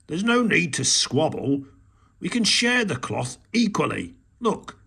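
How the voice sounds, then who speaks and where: Storybook badger, kind and firm, a touch raised, gravelly, from a man. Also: on the high side, measured pace, voice pushed up, exaggerated voice. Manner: calm and firm, calls out loudly. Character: kind, sensible male badger, strong and steady.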